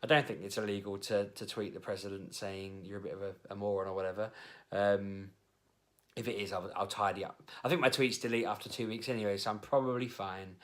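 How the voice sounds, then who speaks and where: A man's voice: on the low side, flat delivery, fairly quick, a bit bright. A man telling a story to camera in a rambling, chatty way, with fillers and restarts. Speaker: vlogger, host of the show.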